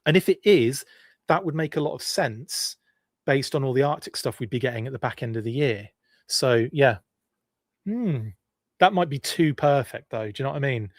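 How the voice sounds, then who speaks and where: A well-spoken English man hosts a live stream in an easygoing, meandering way, stopping and restarting his thoughts as he answers viewers. His voice sits at an ordinary middle pitch. The recording is dry and close, with no room sound. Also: expressive, normal speed, no room sound. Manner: rambling and chatty, with frequent restarts and asides. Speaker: podcast host. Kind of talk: live-stream casual chat, reading viewer comments.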